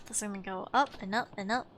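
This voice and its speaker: Brief: playful woman streamer, bright clear tone, chatty gameplay commentary. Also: mid-range voice, fairly even intonation, fairly quick, a little hiss or hum. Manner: playful, reads game lines aloud, laughs often.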